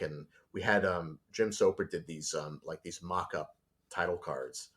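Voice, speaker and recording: This man's voice sits low, and he talks at a normal speed. As a storyboard artist being interviewed casually, he tells stories with lots of animation and does voices for the characters.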